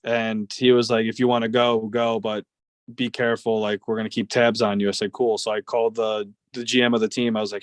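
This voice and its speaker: Young man rambling, flat voice. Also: fairly low pitch, brisk, dry recording. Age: 20s. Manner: rambling, many fillers like "like" and "uh". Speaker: guest, professional baseball player. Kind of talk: casual interview storytelling.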